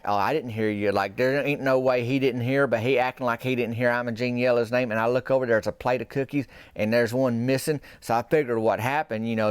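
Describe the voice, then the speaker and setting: A man telling a rambling comic story in a slow, folksy, deadpan way. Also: medium pitch, smooth, no echo. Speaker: comedian storyteller.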